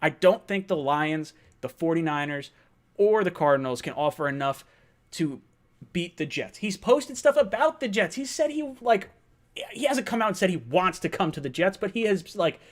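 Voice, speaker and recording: A young man hosting a sports fan livestream, talking fast and excitedly, thinking out loud with restarts and reading out viewer messages. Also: sits high. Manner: fast, excitable, thinks aloud with restarts, reads super chats.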